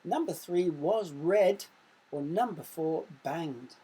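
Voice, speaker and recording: Casting: English woman, primary teacher, low husky voice, unhurried quiz reading with punchy sound words. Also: animated, warm tone, low-quality recording. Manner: slow, careful quiz reading with sound-effect emphasis. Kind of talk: recorded online lesson.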